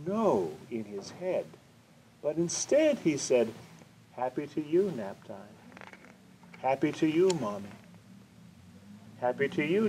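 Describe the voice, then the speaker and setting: A man's voice: mid-range voice, rough recording. An older man reading a children's picture book aloud at a library storytime, playful with sound effects and sing-song repetition, then chatting with the kids. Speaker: storytime reader. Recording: faint room noise, community TV recording.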